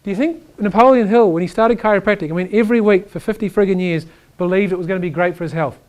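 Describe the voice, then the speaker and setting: A man giving an energetic chiropractic lecture, emphatic and animated, often checking in with "right?". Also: sits high, fast talker. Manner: reads quotes aloud to the audience.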